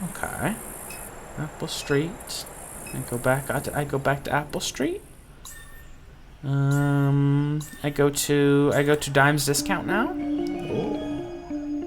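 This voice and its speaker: A man doing let's play commentary, reading game text aloud, chatty and laughing often. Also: a little high. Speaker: gaming YouTuber. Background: game music.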